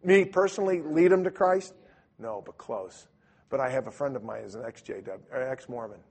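A middle-aged man preaching a sermon with a husky voice, telling stories and acting out the voices in them. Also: mid-range voice, moderate pace. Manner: animated storyteller who acts out voices in his stories. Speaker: preacher or Bible teacher. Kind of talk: storytelling sermon to a live audience.

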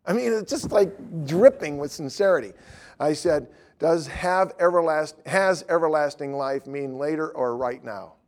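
A middle-aged man, an evangelist, preaching through lively anecdotes and acting out the dialogue. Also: on the high side, unhurried. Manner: lively storytelling, acts out dialogue.

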